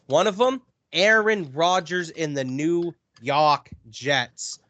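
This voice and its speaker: A man with a slightly high voice co-hosts a laid-back sports podcast, running through the games as he leads the picks. He's animated and swears casually, yet speaks slowly. There's no room sound.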